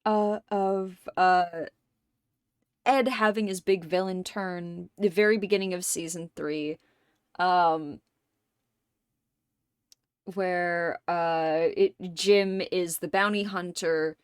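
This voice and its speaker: A woman hosting a livestream in casual chat, rambling and excitable, and swearing often. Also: lowish voice, slow, long pauses, clean tone, no room sound, studio quality. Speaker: livestream host. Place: home streaming setup.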